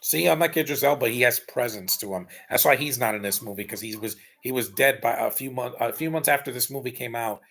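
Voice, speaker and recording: A man's voice: mid-range voice, brisk, creaky, few pauses, fairly bright tone. A man giving casual, blunt and rambling live commentary while rewatching a film. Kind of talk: casual opinionated watch-along commentary.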